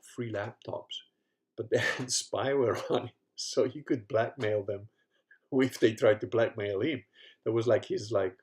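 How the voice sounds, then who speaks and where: A man with a low-pitched voice talks to his viewers in a loose, rambling way, swearing and laughing often. He sounds tired after a long day on his feet. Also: darkish tone. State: tired, leg cramps. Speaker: podcast host. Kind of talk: casual livestream chat.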